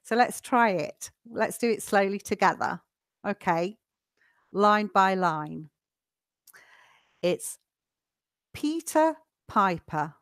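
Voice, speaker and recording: A woman teaching a live online English lesson, chatty and patient, slowing down so learners can follow. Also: medium pitch, fairly bright tone, no room sound, studio quality.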